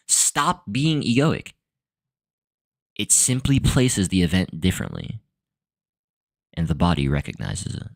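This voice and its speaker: A young man giving a casual, rambling solo talk as a podcast host, full of fillers, restarts and laughs. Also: mid-range voice. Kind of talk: casual monologue on language and philosophy.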